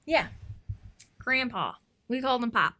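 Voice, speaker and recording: A woman's voice: a little high, expressive, measured pace, bright, forceful tone. A young woman guesting on a casual podcast, telling a story and laughing as she trails off. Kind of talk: casual chat.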